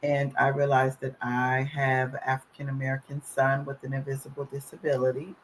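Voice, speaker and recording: A woman's voice: extremely low pitch, flat delivery, brisk, a little hiss or hum, rough recording. A woman guest on an interview, earnestly recounting a family story in detail. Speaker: guest, mother.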